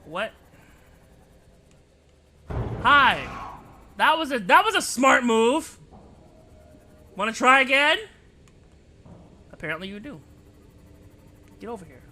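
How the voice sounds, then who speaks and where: An excitable male streamer with a high, bright voice that swoops up and down constantly. He bickers playfully with his chat and breaks into yelps and shouts. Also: a little slow, long pauses. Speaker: VTuber livestreamer. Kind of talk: live-stream gaming chatter.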